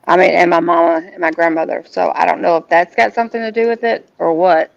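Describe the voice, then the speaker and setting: A woman, a guest telling a personal story in an earnest, halting way, often restarting her sentences. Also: fairly low pitch, steady tone, creaky. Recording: dull lo-fi sound.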